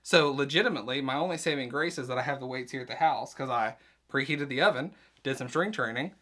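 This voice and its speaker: Young male vlogger, rambling storyteller, bright tone. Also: medium pitch. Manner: rambling storytelling, quick asides. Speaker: vlog host, nurse practitioner student. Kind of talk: casual chat.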